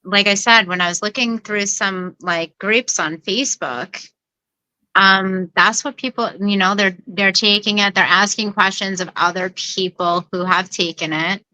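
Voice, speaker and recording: A woman with a lower voice that still sounds bright and forceful co-hosts a casual podcast. She answers hesitantly, with lots of "um" and "like," and her tone stays smooth and clear. The sound is dry and close to the mic. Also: steady tone, a little slow, no room sound, poor audio. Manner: hesitant, many fillers and restarts.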